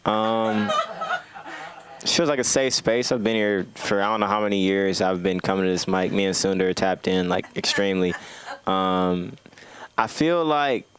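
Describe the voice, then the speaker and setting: A man does a stand-up set into a handheld mic on a comedy club stage. His voice sits fairly low, and his delivery is relaxed and full of slang. He builds his jokes by repeating the same line again and again. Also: moderate pace. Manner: laid-back, slangy, repetitive comic build-ups.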